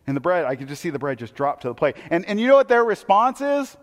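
A man preaching a sermon, telling the story with animated, acted-out quotes. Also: high-pitched, quick pace, hardly any pauses, big-room sound. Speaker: pastor.

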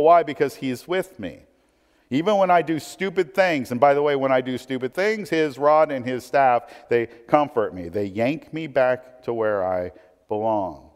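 A man preaching a sermon, swinging between emphatic points and hushed, conversational asides. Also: mid-range voice. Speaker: pastor. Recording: long hall reverb.

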